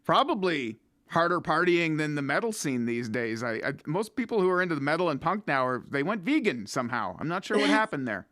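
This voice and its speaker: A man's voice: a little high, sing-song, a little fast, pushed and bright, no echo, clean studio sound. A man hosting a podcast, chatting casually and joking with a guest. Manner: joking, laughs often. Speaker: podcast host. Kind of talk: casual chat.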